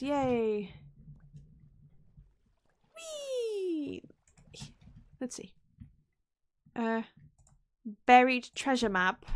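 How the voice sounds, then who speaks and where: A woman streaming a game, talking to herself in a playful, chatty way, often repeating words and dropping into whispered asides. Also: a little high. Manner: playful, chatty self-talk while playing. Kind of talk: live gameplay commentary.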